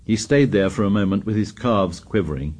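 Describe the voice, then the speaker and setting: A man with a lowish voice reads a novel aloud as an audiobook. His delivery is measured and dramatic, and he lets sentence endings sink down and soften. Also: expressive. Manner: measured, dramatic reading that drops low and quiet at sentence ends. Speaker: audiobook narrator. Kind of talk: scripted narration of a novel.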